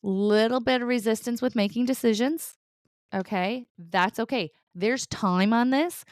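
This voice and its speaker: A middle-aged psychic medium talks viewers through their weekly guidance in a slightly high, unhurried voice with no echo. She's reassuring and chatty, laughs lightly between points, and keeps checking in with "okay?" and "right?"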